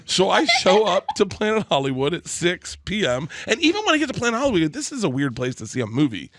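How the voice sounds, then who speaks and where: An excitable man spins a comic story, acting out the other people's voices and laughing as he goes. His voice sits a bit high and rings bright and forceful, with big leaps in pitch. The sound is dry and close. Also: fast talker, no echo. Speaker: storytelling guest. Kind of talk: animated storytelling on a podcast.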